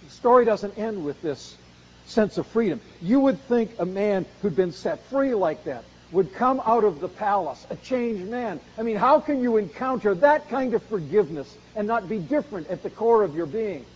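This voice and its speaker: A man preaching a sermon on a Bible passage, earnest, rising to loud emphasis and then dropping low. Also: animated, moderate pace, dull audio. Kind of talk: expository sermon.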